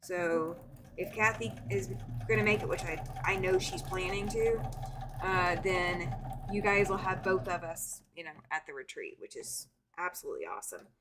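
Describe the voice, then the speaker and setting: A woman's voice: lowish voice, steady tone, unhurried, noisy background. A woman hosting a quilting live stream, chatting casually and greeting viewers by name. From American South. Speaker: quilting livestream host.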